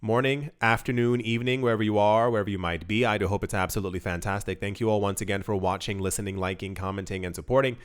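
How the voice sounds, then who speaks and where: A man's voice: on the low side, fairly even intonation, fast talker, few pauses, clean tone. A man hosting a casual video, talking straight to camera with emphatic, repetitive phrasing and lots of restarts. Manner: emphatic, repeats words and stumbles, acts out quoted voices. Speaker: crypto video host. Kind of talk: casual direct-to-camera commentary.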